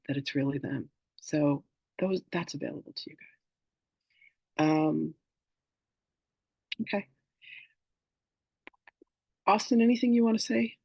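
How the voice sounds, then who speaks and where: This spiritual teacher, a man whose fairly high voice is gravelly with a touch of huskiness, runs a masterclass by video call. Relaxed in tone, he slides from lessons into anecdotes, animatedly voicing each person he quotes. The audio is poor, dry, and close-miked, with no room sound.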